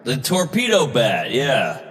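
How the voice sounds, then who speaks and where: A man's voice: mid-range voice, wildly swooping pitch, a bit bright. Guy on a podcast tossing out jokes, voice bounces up and down a lot, long reverb. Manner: quick wisecracks and jokey asides. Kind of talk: casual podcast chat.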